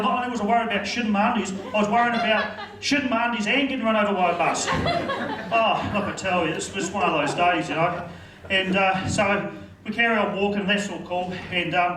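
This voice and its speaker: A man's voice: high voice, fairly bright tone, echoey room, far from the mic, slight background noise, rough recording. A man with a New Zealand accent doing rambling stand-up storytelling at a comedy club. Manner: rambling, lots of fillers and asides.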